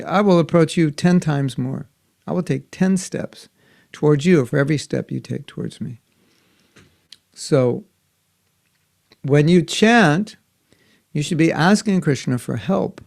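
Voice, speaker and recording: An older man teaching children in an online class, gentle and patient, often asking them questions. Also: fairly high pitch, creaky. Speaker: spiritual teacher. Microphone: video call.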